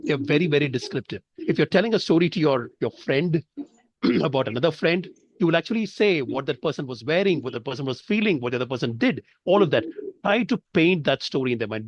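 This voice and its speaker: A man's voice: fairly high pitch, animated, fairly quick, no room sound, dull audio. A man from India runs an online public speaking class, his voice swinging widely as he explains with examples and checks in with listeners. The sound is dry and close, as if from a headset on a video call. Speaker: speech trainer. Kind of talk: online training session.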